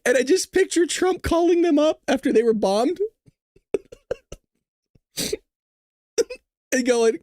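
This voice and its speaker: A man's voice: very high-pitched, expressive, slow, pauses often, a little mellow, no echo, clean studio sound. A tired man hosting a casual news commentary livestream, rambling, cursing freely and giggling often. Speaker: show host.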